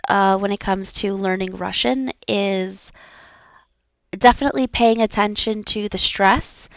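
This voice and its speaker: A woman with a smooth, medium-pitched voice, recorded in a clean studio with no room sound, practices pronunciation aloud as a language learner. She repeats each word several times, then explains the sounds in a modest, self-effacing, encouraging way.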